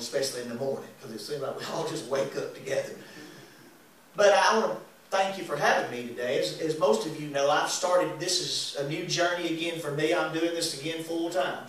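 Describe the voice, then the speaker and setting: A man, preaching and singing as an evangelist, folksy and animated with laughing asides. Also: on the high side, brisk, slight background noise. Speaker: evangelist and singer. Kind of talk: lively sermon with congregation call and response. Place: church sanctuary. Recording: echoey church recorded from a distance.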